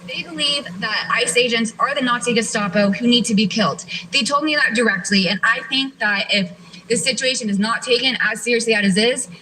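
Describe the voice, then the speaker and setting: Woman with a bright sharp voice, serious and earnest, talking at a table. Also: fairly high pitch, fairly quick, a little hiss or hum, low-quality recording. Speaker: roundtable guest. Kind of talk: testimony at a roundtable.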